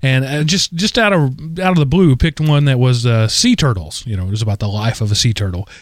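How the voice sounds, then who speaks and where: A man in his forties, co-hosting a podcast, telling a rambling, animated story full of fillers. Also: mid-range voice, a little fast, no echo, clean studio sound. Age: 40s. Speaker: podcast co-host. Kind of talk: casual chat.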